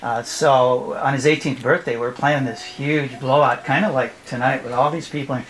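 A middle-aged man who used to be a youth pastor tells a personal testimony at a church event, laughing often and imitating his children's voices. His voice is medium-pitched and a bit bright, with fairly even intonation and a moderate pace, in a noisy live recording.

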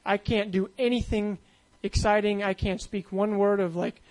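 High-voiced man preaching casually. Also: fairly even intonation, moderate pace, darkish tone, low-quality recording. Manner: casual, conversational preaching with many fillers. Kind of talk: sermon.

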